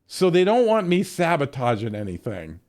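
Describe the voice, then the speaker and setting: Profane rambling man with a high voice. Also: huge pitch swings, moderate pace, a little mellow. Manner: profane, rambling, laughs often. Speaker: game streamer. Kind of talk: casual storytelling during a game stream.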